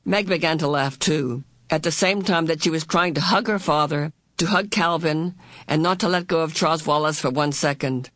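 A woman's voice: sits low, no room sound. Older woman reading a storybook aloud. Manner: measured, expressive storytelling. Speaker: author reading her own book. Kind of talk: audiobook narration.

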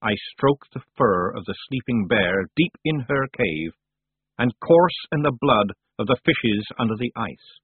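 A man reading the part of a calm, ancient male winter spirit who speaks slowly and grandly. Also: medium pitch, husky, dry recording, exaggerated voice. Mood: solemn. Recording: dry, tinny phone-like sound.

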